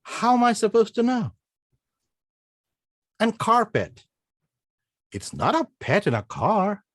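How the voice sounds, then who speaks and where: A man giving a humorous prepared speech at a speaking club, playful, full of rhetorical questions and slow, deliberate spelling out. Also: sits high, wildly swooping pitch, no room sound, studio quality. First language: not English. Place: club meeting room.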